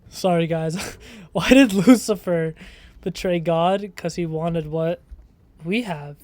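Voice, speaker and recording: A man's voice: fairly high pitch, a little mellow. Rambling young man gaming and musing. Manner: rambling, slangy, swears, sudden startled outbursts. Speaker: gaming streamer. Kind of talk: casual gameplay commentary.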